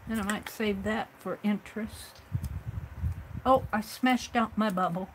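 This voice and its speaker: A woman's voice: mid-range voice, a little slow, background noise. A woman hosting a craft livestream, chatting casually and thinking aloud as she works on an art journal.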